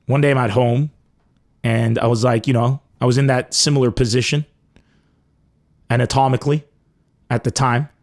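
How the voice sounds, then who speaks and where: A man from Lebanon telling a crude comic story with animated, profane emphasis. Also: mid-range voice, moderate pace, long pauses. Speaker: comedian host. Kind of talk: comedic storytelling.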